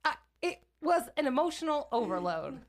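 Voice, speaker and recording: A woman's voice: sits high, sing-song, normal speed. A woman from the Baltimore area co-hosting a podcast with her sisters, chatting casually, rambling and laughing often. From Baltimore, Maryland area. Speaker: podcast co-host. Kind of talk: casual chat among sisters.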